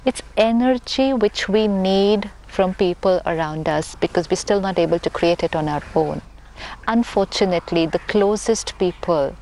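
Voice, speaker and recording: A woman with an Indian accent, speaking as a spiritual teacher in a talk-show conversation, measured and earnest, repeating key phrases for emphasis. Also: fairly low pitch, darkish tone.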